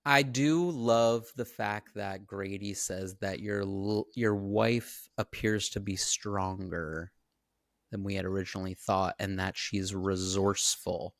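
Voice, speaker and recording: A man co-hosts a podcast and retells a film in animated, profane storytelling. His voice sits on the low side. The sound is dry and close. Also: slow, gravelly, no echo. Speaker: podcast co-host. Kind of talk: casual chat recapping a film.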